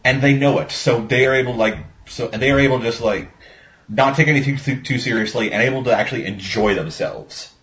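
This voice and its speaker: A man talks through movie scenes in casual chat, rambling and swearing as he goes. His voice sits mid-pitched. The recording is dull and lo-fi. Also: fairly quick, fairly bright tone. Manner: rambling, swears a lot, acts out quotes. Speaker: podcast co-host. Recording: dull lo-fi sound.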